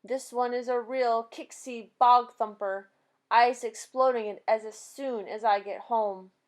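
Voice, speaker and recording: A woman voicing a big, gentle, excitable male giant who mangles his grammar and makes up words. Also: on the high side, measured pace, natural voice. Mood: indignant.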